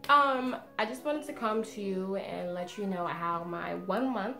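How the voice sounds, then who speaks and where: A woman's voice: mid-range voice, expressive, measured pace, creaky, pushed and bright, soft background music. Chatty young woman in an echoey bedroom. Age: 20s. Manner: chatty, laughs often, lots of "like". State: tired after a long day. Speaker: beauty vlogger. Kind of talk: casual chat to camera. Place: her bedroom.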